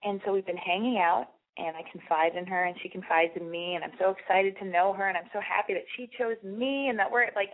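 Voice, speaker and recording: A brash woman host with a slight lisp runs an advice show, swearing freely and mocking herself as she rambles. Her voice sits at an ordinary middle pitch. It comes through thin and narrow, like a phone line. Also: fairly even intonation, a little fast, hardly any pauses. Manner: profane, rambling and self-deprecating. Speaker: podcast host. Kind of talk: brash comedic advice monologue.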